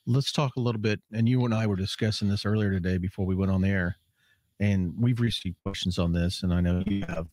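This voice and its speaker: A man's voice: deep voice, fairly even intonation, a little fast, darkish tone, no echo. A man hosting a radio show, asking questions in a conversational way with occasional hesitant fillers. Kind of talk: radio interview.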